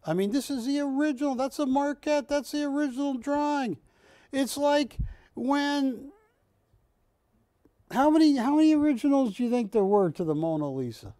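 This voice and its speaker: A man's voice: very high-pitched, normal speed, no echo. A man hosting a live shopping broadcast, selling art with a joking, chatty manner. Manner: joking, animated, teasing co-hosts. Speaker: shopping channel host. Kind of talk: live sales pitch.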